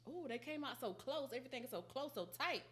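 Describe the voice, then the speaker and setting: A woman's voice: high-pitched, animated, fast, heavy background noise. A woman giving a casual tarot reading, teasing and blunt, with plenty of slang and frequent laughter. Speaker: tarot reader.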